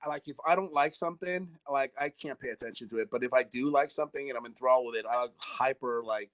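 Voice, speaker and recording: A man's voice: mid-range voice, fast talker, muffled recording. A man, a recording engineer, telling studio stories in a casual video-call chat, swearing freely and acting out quotes. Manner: animated storyteller, swears freely, acts out quotes. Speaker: recording engineer and producer guest.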